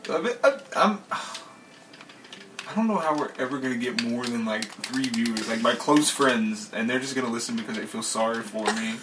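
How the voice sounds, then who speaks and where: A man's voice: mid-range voice, normal speed. A man co-hosting a podcast in casual joking chat, teasing and often breaking into giggles. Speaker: podcast co-host. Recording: distant mic with clear noise.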